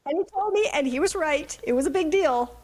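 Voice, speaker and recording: A middle-aged woman talking as a guest in a relaxed conversation, her voice sitting a little high. She tells lively stories and slips into other people's voices as she goes. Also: fairly quick. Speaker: guest mentor. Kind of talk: casual conversational storytelling.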